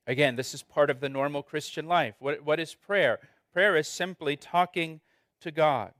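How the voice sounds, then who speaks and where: A man's voice: fairly high pitch, normal speed, fairly bright tone, dry recording, clean studio sound. A man preaching an expository sermon as pastor, earnest and conversational, often restarting and repeating words.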